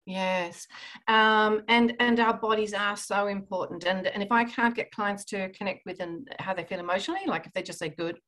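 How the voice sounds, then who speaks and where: A woman's voice: medium pitch, moderate pace, fairly bright tone. A woman therapist in a casual podcast conversation, explaining in a chatty way with frequent restarts and light laughs.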